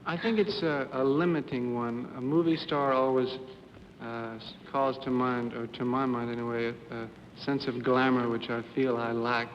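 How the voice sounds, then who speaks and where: A young man appearing as a mystery guest on a panel show, answering tersely with a modest, soft-spoken manner. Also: mid-range voice, fairly even intonation, moderate pace. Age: young adult. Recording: lo-fi 1950s broadcast with hall reverb and faint hiss.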